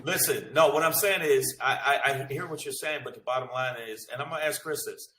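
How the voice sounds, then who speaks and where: A man's voice: mid-range voice, a little fast. A man, a comedian ranting profanely on a podcast. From Brooklyn, New York. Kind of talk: heated casual chat. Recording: echoey room, mic at a distance, faint noise.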